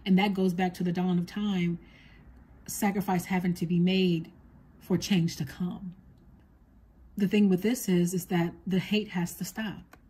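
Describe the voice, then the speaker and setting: A woman psychic medium giving a spoken reading to her viewers, talking softly and earnestly as she relays what a spirit tells her. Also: fairly low pitch, flat delivery, measured pace, husky.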